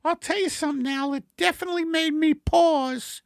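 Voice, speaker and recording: A man voicing Margaret, a fussy, scolding middle-aged wife, in a high falsetto in an improvised comedy sketch. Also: a little fast, vocal fry, no echo. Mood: bickering. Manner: shrill, scolding falsetto, bursts into shouting. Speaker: comedy podcast co-host.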